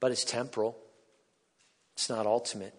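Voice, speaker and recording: A middle-aged man preaching a sermon as a pastor, swinging from quiet asides to loud, emphatic bursts. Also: medium pitch, flat delivery, normal speed. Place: church sanctuary. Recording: long hall reverb.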